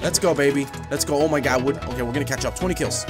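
A young man giving loud, profane, raging commentary while playing a shooter game. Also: medium pitch, steady tone, very fast, music in the background. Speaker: gaming YouTuber. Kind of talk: live gameplay commentary.

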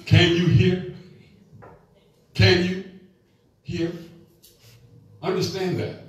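A man's voice: sits high, little pitch movement, very slow, highs cut off, a little hiss or hum. A middle-aged male pastor preaching a sermon, with call-and-response to the congregation and playful asides. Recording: echoey room, mic at a distance.

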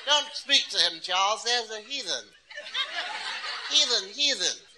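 A man voicing a stiff, conceited upper-class English gentleman in a mock posh accent, drawling and haughty, on a noisy live stage recording. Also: sits high, expressive, a little slow. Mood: snooty.

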